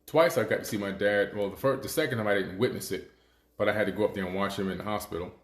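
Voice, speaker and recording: Low-voiced man talking in an echoey room. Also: quick pace. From United States. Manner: conversational storytelling, frequent restarts. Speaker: host. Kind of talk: casual monologue.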